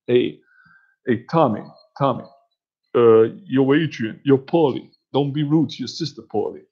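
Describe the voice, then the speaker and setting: A man putting on an impression of a slow-talking male boxer from a film, slurring and mumbling. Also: mid-range voice, darkish tone, breathy edge. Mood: calling out. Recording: dull lo-fi recording.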